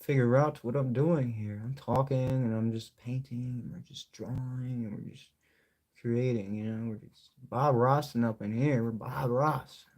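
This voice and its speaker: A man's voice: medium pitch, fairly even intonation, normal speed, darkish tone. A young man talking loosely while painting on a live stream, joking to himself and his chat and swearing freely. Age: young adult.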